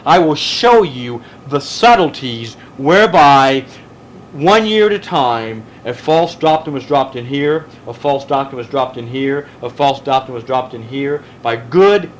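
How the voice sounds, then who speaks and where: A middle-aged pastor leads a Bible study in a mid-range voice with a little hiss or hum in the background. He speaks emphatically, presses his listeners with rhetorical questions, and takes questions from the audience in this preaching-style lecture.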